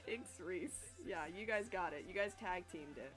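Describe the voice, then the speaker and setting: A woman's voice: lowish voice, moderate pace, fairly bright tone, soft background music. A young woman chatting casually with her live chat while she draws, talkative and self-deprecating, swearing freely. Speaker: streamer drawing live.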